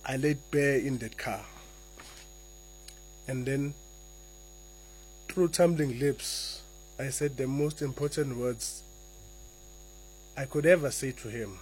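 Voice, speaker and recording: A man, a guest author answering interview questions and reading slowly and deliberately from his own memoir. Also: mid-range voice, slight background noise, low-quality recording. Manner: soft-spoken, slow and deliberate when reading.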